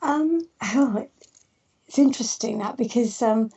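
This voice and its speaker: A woman's voice: a little high, unhurried, warm tone, breathy edge, recorded from a distance, highs cut off. A woman guest, an artist and theorist, telling chatty anecdotes in a podcast interview, with lots of fillers and restarts.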